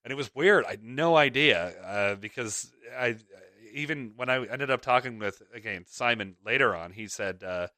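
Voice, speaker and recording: A man's voice: mid-range voice, lively intonation, moderate pace, hardly any pauses, pushed and bright, dry recording, clean studio sound. A middle-aged man hosting a podcast, telling a casual story in a rambling, chatty way with lots of fillers and restarts. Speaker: podcast host.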